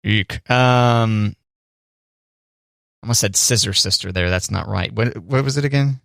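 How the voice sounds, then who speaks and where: A man's voice: on the low side, measured pace, creaky, fairly bright tone, no echo, studio quality. A man co-hosting a podcast, chatting casually and joking at his own expense. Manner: easygoing, self-deprecating, many fillers and restarts. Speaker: podcast co-host. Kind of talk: casual chat.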